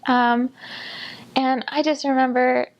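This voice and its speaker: Young woman, high voice with vocal fry, casual upbeat storyteller who laughs at herself. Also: level tone, dull audio. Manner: upbeat, self-deprecating, quick to laugh. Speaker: returned missionary.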